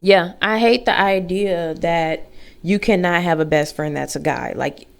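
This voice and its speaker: A woman's voice: fairly low pitch, measured pace, vocal fry. A woman in casual chat, candid and talkative. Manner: chatty, candid, talks to her dog mid-story. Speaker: vlogger.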